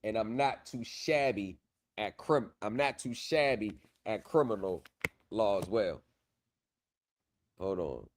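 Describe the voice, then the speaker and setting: A man hosts a casual livestream about pro se legal help, speaking into a streaming setup mic. His voice is lowish and animated, his pace slow with long pauses. He sounds confident but repeats himself and drifts off while working his screen.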